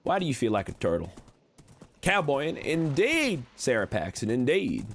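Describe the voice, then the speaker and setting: A man streaming a game in character as a chatty cowboy con man, reading chat with folksy talk and sudden high excited jumps. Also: normal speed.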